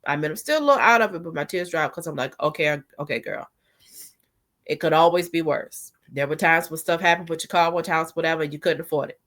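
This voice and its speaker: A woman's voice: low-pitched, rapid-fire, hardly any pauses, fairly bright tone. A woman in her forties telling a personal story in a casual storytime vlog, chatty and heartfelt, often asking the viewer if they follow. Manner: chatty, heartfelt, leans on "you know what I'm saying". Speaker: vlogger.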